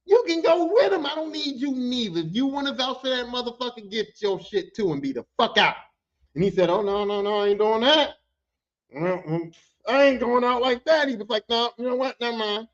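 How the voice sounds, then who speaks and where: A man's voice: very high-pitched, brisk. A man hosting a podcast, telling a work story in a casual, profane way and acting out other people's lines. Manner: animated, profane, acts out quotes in other voices. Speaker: podcast host. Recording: dull lo-fi audio.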